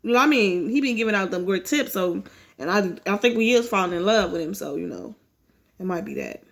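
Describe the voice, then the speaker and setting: A woman's voice: medium pitch, animated, brisk, gravelly. A woman reading a webtoon aloud and breaking off for casual, playful asides to her viewers. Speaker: comic reader and commentator.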